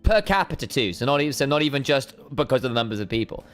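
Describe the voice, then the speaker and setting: A man's voice: medium pitch, lively intonation, quick pace, soft background music. A man, a co-caster on a live stream, chatting casually to his viewers in a rambling way and often stopping mid-sentence to repeat words. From United Kingdom. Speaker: esports co-caster.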